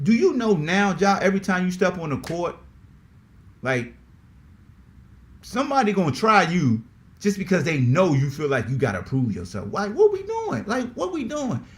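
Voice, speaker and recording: Animated man ranting on a sports podcast. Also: sits high, normal speed. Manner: animated, exasperated, repeats rhetorical questions. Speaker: podcast host. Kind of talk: casual sports talk.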